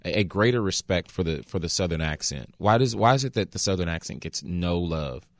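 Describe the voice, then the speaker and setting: A man co-hosts a call-in radio show in an easygoing way, correcting himself as he goes. His voice is very low. It sounds close and dry on the studio mic. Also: animated, fairly quick, no echo. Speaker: radio co-host, phone screener.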